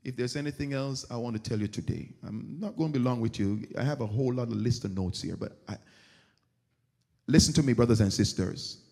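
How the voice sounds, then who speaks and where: Gravelly and brisk at a medium pitch, a man preaches as pastor, acting out characters while he tells animated stories. The sanctuary gives the recording a long church reverb.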